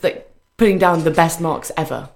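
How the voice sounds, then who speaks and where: A young British woman speaks with a slightly low pitch and lively delivery. She tells stories eagerly and fills the gaps with little ums. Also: moderate pace, gravelly. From Britain. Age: young adult. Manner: animated storytelling, frequent fillers. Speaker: guest, student athlete. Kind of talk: casual radio chat.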